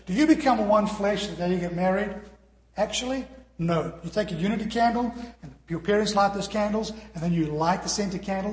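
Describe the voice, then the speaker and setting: A man preaching a sermon as pastor, animated and putting questions to the congregation. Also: high-pitched. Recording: echoey hall.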